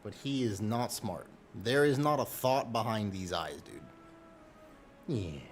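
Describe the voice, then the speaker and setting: A man's voice: lowish voice, lively intonation, unhurried, soft background music. A man chatting casually on a live game stream, swearing freely and playfully scolding his cat. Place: home room at a computer.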